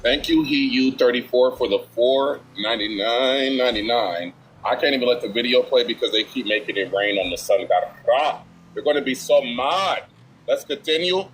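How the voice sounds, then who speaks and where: A man's voice: mid-range voice, moderate pace, fairly bright tone, slight background noise, poor audio. Slangy male streamer thanking donors. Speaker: streamer reacting to a video. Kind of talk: casual live-stream chat.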